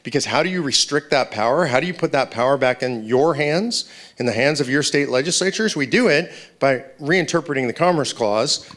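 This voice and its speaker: A man addresses a room of university students. His delivery is conversational but emphatic, peppered with quick rhetorical checks for agreement. His voice sits at an ordinary middle pitch. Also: a bit bright. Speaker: speaker at a political event. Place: university lecture hall.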